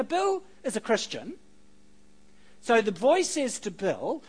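A man preaching a sermon. His pitch leaps and falls as he acts out the stories he tells. He throws in quick joking asides to the congregation. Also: sing-song, slightly rough, rough recording. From New Zealand. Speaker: pastor.

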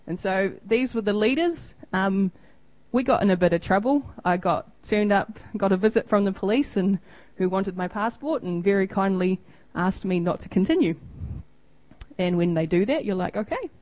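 A woman's voice: mid-range voice, moderate pace, darkish tone, no room sound, low-quality recording. A woman in her thirties with a New Zealand accent, giving an informal, chatty missionary report over photos and acting out little exchanges. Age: 30s. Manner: chatty, self-deprecating, acts out quoted exchanges.

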